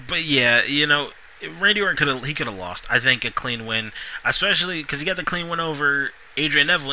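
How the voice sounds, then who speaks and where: A man's voice: medium pitch, bright, forceful tone, a little hiss or hum, poor audio. A man reviewing a wrestling show in a casual, rambling solo vlog, full of asides and restarts. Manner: rambling, lots of fillers and restarts.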